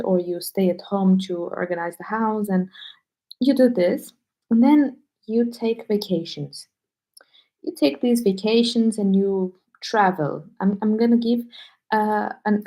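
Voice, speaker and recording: A woman teacher on a live stream, speaking low and hushed at home so she won't wake people sleeping nearby. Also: a little slow, rough recording.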